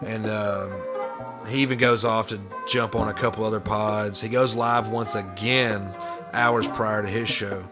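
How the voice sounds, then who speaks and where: A man's voice: on the low side, steady tone, a little slow, over music. A man hosting a reaction video, giving sarcastic, profane commentary on clips. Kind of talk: mocking commentary over clips.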